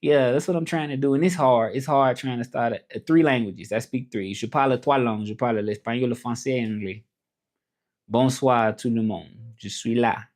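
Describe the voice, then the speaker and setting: A man's voice: medium pitch, a little fast, a little mellow. A man from Tennessee with a Southern accent, chatting casually on his livestream and answering viewer comments aloud. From Tennessee, USA. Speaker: livestream host and interpreter.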